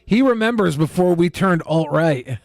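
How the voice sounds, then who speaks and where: A man's voice: fairly high pitch, expressive, normal speed, a crowd in the background. A man co-hosting a podcast, joking sarcastically in casual banter. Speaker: podcast co-host. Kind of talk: casual comedic chat.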